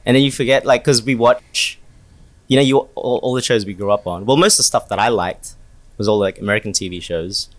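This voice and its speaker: A man's voice: on the low side, fairly quick, dry recording. A man co-hosting a casual podcast, musing aloud and asking questions, often ending lines with "eh". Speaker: podcast co-host. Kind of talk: casual chat.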